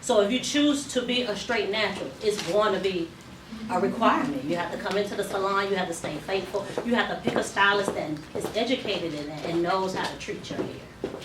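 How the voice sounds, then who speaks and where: A woman hair stylist talks through a salon demonstration in a chatty, explanatory way, with plenty of ums. Her voice sits at a middle pitch. The mic is some distance off in an echoey room, with salon noise clearly heard underneath. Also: fairly quick.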